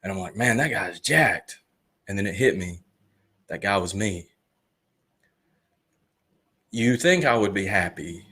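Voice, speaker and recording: A man in his thirties, a former student pastor, telling his personal story earnestly, with loud animated peaks and soft slow confessional stretches. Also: fairly low pitch, breathy edge. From Alabama. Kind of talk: personal testimony talk.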